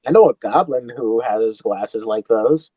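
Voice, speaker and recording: A man's voice: mid-range voice, expressive, unhurried, slightly rough, no echo, highs cut off. A man playing in a tabletop game, easygoing and wondering aloud. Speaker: player.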